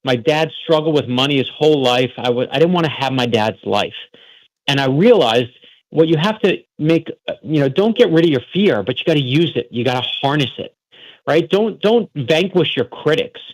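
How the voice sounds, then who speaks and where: A man's voice: fairly high pitch, animated, moderate pace, rough recording. A man from Florida, a guest author on a radio show, telling earnest, heartfelt stories in an interview.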